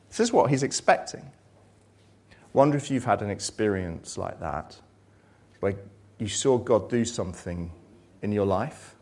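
Dramatic lower-voiced male preacher. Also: unhurried, long pauses. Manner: dramatic, swings from loud excited to hushed low. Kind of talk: sermon.

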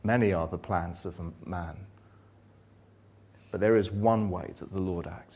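A man preaching a sermon, reading scripture and retelling it dramatically, swinging from loud excitement to hushed, low passages. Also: measured pace, pauses often.

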